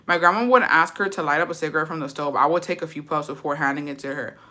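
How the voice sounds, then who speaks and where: A woman vlogger speaks fast in a low voice with a bright, ringing quality. She goes through viewer comments one by one, reacting with blunt slang and plenty of swearing in animated storytelling.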